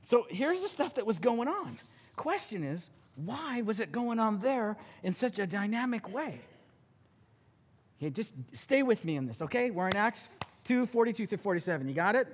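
A male pastor preaching a sermon, telling the story with animated acting-out of characters. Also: sits high, moderate pace, big-room sound.

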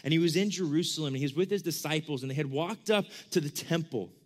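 A man's voice: on the high side, fast. A young man giving a casual sermon as a youth pastor, conversational and full of "like", acting out the questions he quotes. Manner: conversational, lots of 'like', acts out quoted questions.

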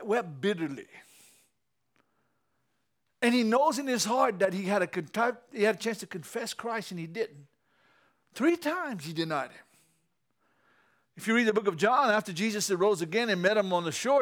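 A man preaching a sermon. He laughs often and swings from low storytelling to loud shouting exhortation. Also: very animated, moderate pace, long pauses.

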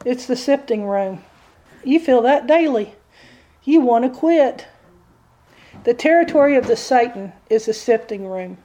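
A woman's voice: a little high, lively intonation, unhurried, pauses often, warm tone. A woman preacher delivering a sermon, telling a Bible story with earnest, dramatic storytelling.

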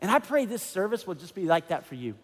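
A man preaching a sermon as a pastor, animated and conversational, with many asides to the congregation. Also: sits high, fast, slightly rough, in a large hall.

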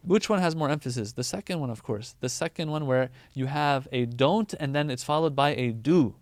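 Male preacher, relaxed conversational sermon, crisp clear tone, dry close sound. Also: medium pitch, normal speed, no room sound. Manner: conversational, animated teaching with everyday examples.

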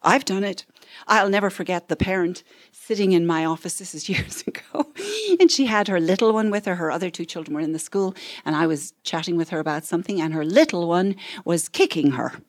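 A woman's voice: lowish voice, brisk, no echo, clean studio sound. A woman counselor giving a parenting talk, telling stories and acting out what parents and children say, with frequent "right?" asides.

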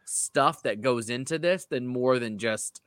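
Male co-host, bright tense voice, dry sound, thinks aloud and hedges. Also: medium pitch, measured pace, dry recording. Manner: hedging, thinks aloud, stresses he is neutral. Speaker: podcast co-host. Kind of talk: casual sports podcast chat.

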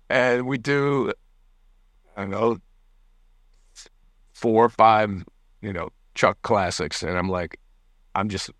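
Animated storytelling man, dry sound. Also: fairly low pitch, no room sound. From United States. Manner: animated storyteller, acts out quotes, laughs often. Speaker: guest musician. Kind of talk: casual storytelling interview.

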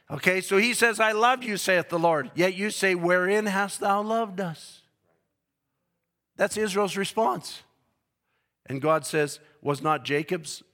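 A man preaching a sermon, building to shouted peaks and dropping to slow, hushed reading, with emphatic repetition. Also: high-pitched.

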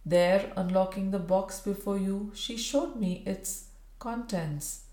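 Brief: woman voicing a grave Victorian gentleman, formal, measured, echoey room. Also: mid-range voice, close to an everyday voice. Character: grieving proud Victorian gentleman, solemn. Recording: roomy echo.

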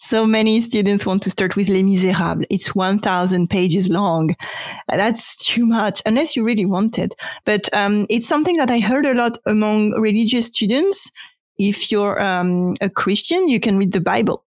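A woman whose first language is French, a French teacher explaining her views in a thoughtful, unhurried way with frequent ums. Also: mid-range voice, no room sound. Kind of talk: casual panel conversation.

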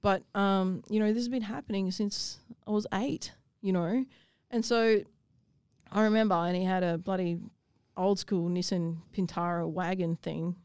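A woman's voice: mid-range voice, fairly even intonation, moderate pace, darkish tone, smooth, no room sound, studio quality. Blunt, sweary woman. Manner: blunt, swears freely, emotional storytelling. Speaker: guest. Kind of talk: personal story in interview.

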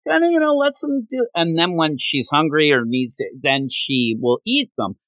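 A man co-hosting a podcast in a casual talk about a manga chapter, retelling scenes with lively jumps in his voice. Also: normal speed, no echo. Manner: animated retelling with big pitch jumps. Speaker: podcast co-host.

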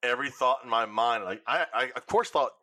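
Podcast host, bright and lively, swears freely while telling stories, dry close mic. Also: male voice, medium pitch, brisk, dry recording. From Louisiana. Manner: animated storytelling with swearing. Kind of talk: casual chat.

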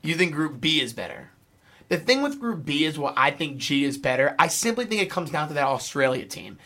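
A man hosting a casual sports talk show, excitable and full of fillers. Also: a little high, brisk. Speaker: podcast host.

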